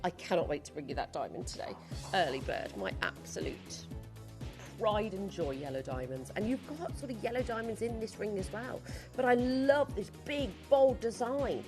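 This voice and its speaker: A woman's voice: mid-range voice, animated, normal speed, music in the background. A woman presenting live on a shopping channel from a TV studio, speaking in chatty, gushing sales patter full of asides.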